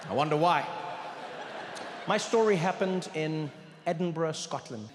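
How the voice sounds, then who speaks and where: A middle-aged man from Africa, telling a stand-up story with animated confidence and bursts of loud emphasis at a live show. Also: a little high, a little slow, pauses often, a little hiss or hum. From South Africa. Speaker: stand-up comedian. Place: large live venue. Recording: live show with long hall reverb.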